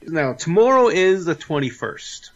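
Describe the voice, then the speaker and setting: A man's voice: on the high side, sing-song, a little slow, highs cut off. A Canadian man co-hosting a radio talk show, explaining in a matter-of-fact way. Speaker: healer and show co-host. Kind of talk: casual radio chat.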